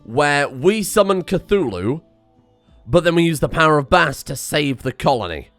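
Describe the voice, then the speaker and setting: Excitable gaming commentator. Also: male voice, on the high side, normal speed, no room sound, faint music behind. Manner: excitable, self-mocking, swears, muses aloud. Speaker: gaming streamer. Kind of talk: casual gameplay commentary.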